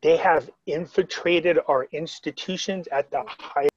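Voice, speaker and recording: A man's voice: a little high, fairly even intonation, a little slow, breathy edge, no echo, highs cut off. Rambling storyteller man on a call. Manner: rambling, retells quotes, frequent restarts. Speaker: interviewee. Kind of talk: casual video-call storytelling.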